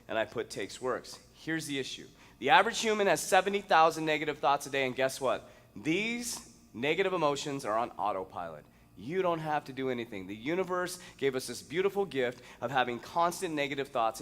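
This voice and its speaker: A fitness coach gives a motivational talk. He is a man with a fairly high voice, and he sounds emphatic and full of energy. He stretches words out playfully and sometimes bursts out loudly. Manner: energetic and emphatic, with sudden loud outbursts; drawn-out, playful stresses on single words.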